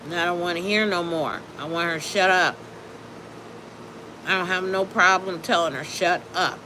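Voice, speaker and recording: A woman chatting casually on a live stream, telling a story with animated energy and greeting her chat viewers. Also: on the low side, moderate pace, noisy background.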